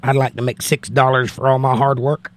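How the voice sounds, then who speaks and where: A man's voice: medium pitch, little pitch movement, a little fast. A man hosting a livestream, chatting casually and wryly while he reads viewer comments aloud. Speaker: livestream host reading chat. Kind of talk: casual chat.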